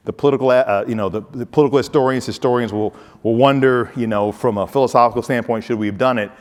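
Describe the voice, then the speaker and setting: A man's voice: mid-range voice, steady tone, fast talker. Guy telling funny stories at a motivational talk, mid voice, big echoey hall. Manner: humorous, storytelling, addresses audience directly. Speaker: keynote speaker, former football player. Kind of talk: motivational speech.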